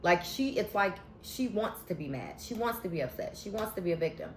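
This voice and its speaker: A woman talking casually to her viewers in a sassy, animated way as she recaps a TV episode. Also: medium pitch, brisk. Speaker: vlogger recapping a TV show. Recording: roomy echo, faint background hum.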